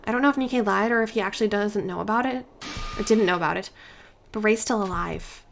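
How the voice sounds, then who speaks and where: A woman's voice: mid-range voice, brisk, gravelly, a little hiss or hum, natural voice. A woman reading as a firm young detective girl. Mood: determined. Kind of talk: reading game dialogue aloud.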